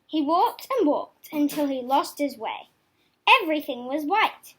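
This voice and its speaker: A woman reading a children's picture book aloud in a slow, expressive way. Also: high-pitched. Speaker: storybook reader.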